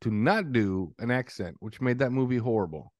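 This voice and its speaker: A man's voice: medium pitch, normal speed, dry recording. A man co-hosting a podcast in casual chat, opinionated and given to strong takes. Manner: animated, opinionated. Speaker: podcast co-host.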